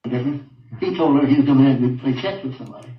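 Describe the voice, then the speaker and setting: An older man giving a halting personal account in an interview, repeating himself and often trailing off quietly. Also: mid-range voice. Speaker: interviewed father. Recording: roomy, distant, dull audio.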